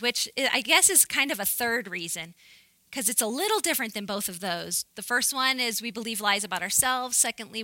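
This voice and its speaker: Woman teaching the bible to ladies, bright tense voice, kinda high, dry sound. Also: no echo, poor audio. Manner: earnest, animated, laughs often. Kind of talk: women's ministry teaching.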